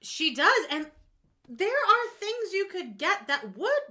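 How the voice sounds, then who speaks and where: Woman co-host, bright forceful voice, rambling emphatic gossip. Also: very high voice, sing-song, slow pace. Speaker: podcast co-host. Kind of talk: casual gossip chat.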